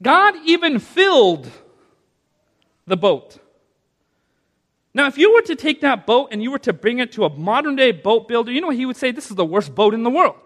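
A man with a high voice preaches a sermon, shifting between hushed reflection and loud, emphatic declarations. His voice carries a long reverb through a large hall. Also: sing-song, moderate pace, long pauses. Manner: dynamic preaching, swinging from soft to loud. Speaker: pastor.

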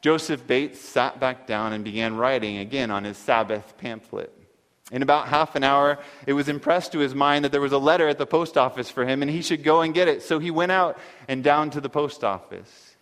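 A man's voice: medium pitch, steady tone, fairly quick, fairly bright tone. A male preacher earnestly retelling a story, reading parts of it aloud, with long hall reverb. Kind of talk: sermon storytelling.

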